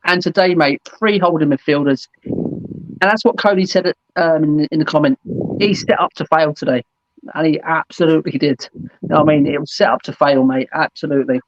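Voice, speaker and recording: A man's voice: on the high side, steady tone, fairly quick, no echo. A man hosting a fan call-in show, chatting casually and saying "mate" and "absolutely" a lot. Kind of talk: casual football chat. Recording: dull dry lo-fi sound.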